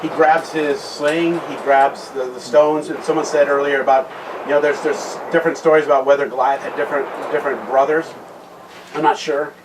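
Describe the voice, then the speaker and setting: A man's voice: on the high side, little pitch movement, fairly quick. Man preaching, heard from a distant noisy mic. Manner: conversational, restarts phrases often, drops voice on serious points. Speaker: guest speaker at a men's retreat. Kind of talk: conference talk with Bible storytelling. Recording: distant mic with loud background noise.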